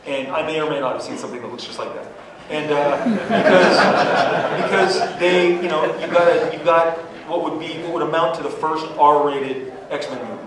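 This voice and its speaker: A man on a convention panel, telling animated stories and acting out quotes in bursts of high pitch. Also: normal speed, heavy background noise. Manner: energetic, acts out quotes with sudden high-pitched outbursts. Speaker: comics creator on a convention panel. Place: large convention hall. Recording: echoey hall from far off with crowd.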